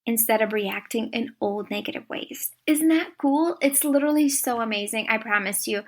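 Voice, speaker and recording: A young woman hosting a podcast, talking in a warm, encouraging, chatty way as a coach. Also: fairly high pitch, normal speed. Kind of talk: podcast monologue.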